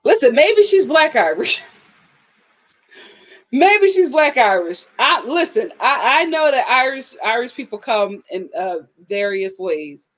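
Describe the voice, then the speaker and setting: A woman's voice: on the high side, big pitch swings, unhurried, a bit bright, highs cut off. A young woman, chatting casually on a live stream, reading viewers' comments, laughing often and quoting people in exaggerated voices. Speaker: host of a live TV review stream.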